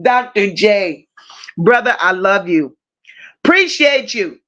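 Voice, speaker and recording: A woman's voice: medium pitch, expressive, slow, fairly bright tone, dull audio. A woman hosting a livestream, reading viewers' comments aloud and firing back with profane, teasing banter. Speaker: livestream host. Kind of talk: casual live chat reading comments.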